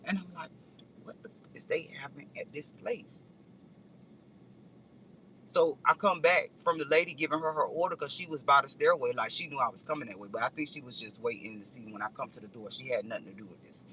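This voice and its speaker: A woman's voice: extremely low pitch, fast, hardly any pauses, slight background noise, poor audio. A woman vlogger telling a rambling story in a casual chat, speaking straight to her viewers. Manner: animated, rambling, addresses viewers directly.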